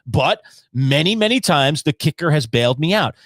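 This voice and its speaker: A man co-hosting a casual fantasy football talk show, telling stories animatedly and acting out his own yelling. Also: on the high side, normal speed, no echo. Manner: animated storyteller who acts out his own shouting. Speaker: podcast co-host.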